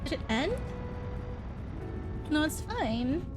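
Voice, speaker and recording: High, lively woman streamer. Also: slow pace, music in the background. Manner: playful, exclaiming and laughing often. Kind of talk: casual gameplay chatter.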